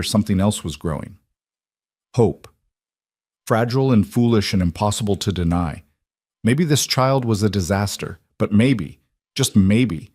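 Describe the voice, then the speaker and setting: A man giving measured, scripted audiobook narration of a romance story. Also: on the low side, darkish tone, dry recording, clean studio sound.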